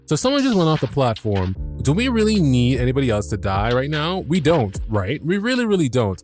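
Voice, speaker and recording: Animated, swearing male podcast host. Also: medium pitch, brisk, faint music behind. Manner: animated, swears freely, many restarts and fillers. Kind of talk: casual episode recap.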